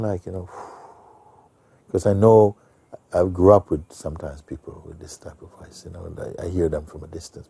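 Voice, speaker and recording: A spiritual teacher recounts a story from his past, his deep voice dark and mellow with a gravelly, husky grain. He talks unhurriedly and anecdotally, leaning on "you know" and easy asides, in a dry, close recording. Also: dry recording.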